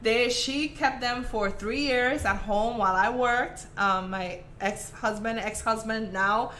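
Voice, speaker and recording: Bright-voiced Caribbean woman crafting live. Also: fairly high pitch, slow, slight background noise. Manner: chatty and affectionate, calls viewers "my darlings". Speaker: craft host. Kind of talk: live-stream craft tutorial chat.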